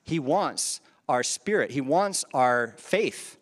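Speaking slowly in a mid-range, animated voice, this pastor delivers a sermon through a handheld mic. The hall echoes around him as he chats with the crowd, tossing out rhetorical questions and laughing softly at his own side remarks.

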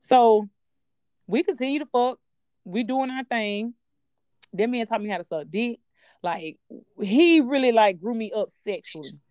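A woman's voice: fairly high pitch, measured pace, long pauses, darkish tone, no echo, studio quality. Candid, profane woman telling a story. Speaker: podcast co-host. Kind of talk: casual storytelling chat.

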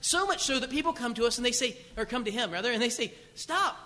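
A man preaching a sermon, telling the story in a conversational, animated way. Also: extremely high pitch, fast, in a large hall.

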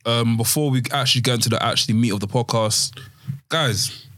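A man's voice: medium pitch, fairly quick, sharp tone, no echo, studio quality. Young male co-host, easygoing slangy chatter. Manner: slangy, easygoing, lots of filler ums. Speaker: podcast co-host. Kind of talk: casual chat.

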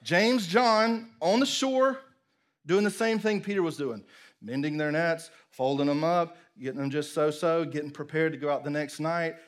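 A man preaching a sermon, telling the story with animated acted-out voices and sudden drops to a near whisper. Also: fairly high pitch, fairly quick. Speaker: pastor.

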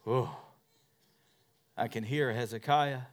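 Taking it slowly with a medium-pitched voice, a middle-aged pastor delivers a sermon that moves from booming, forceful passages to gentle, hushed storytelling. He pokes fun at himself along the way.

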